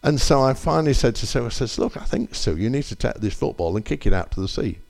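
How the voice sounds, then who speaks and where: A man's voice: mid-range voice, lively intonation, quick pace, gravelly, darkish tone. An older man giving a rambling church testimony, full of anecdotes and self-corrections.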